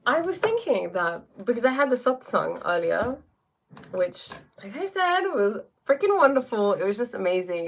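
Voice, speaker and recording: A woman with an English accent, a spiritual teacher chatting casually on a live stream, reading viewer comments aloud and answering them. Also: mid-range voice. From England.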